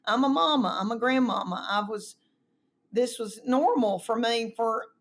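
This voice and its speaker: A woman's voice: fairly high pitch, measured pace. A woman in her fifties, a guest comedian in casual conversation, rambling and often trailing off mid-thought. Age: 50s. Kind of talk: casual chat.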